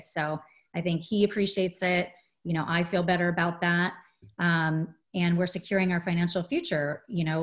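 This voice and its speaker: A woman, a guest in a casual interview, talking earnestly with many "you know" fillers. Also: lowish voice.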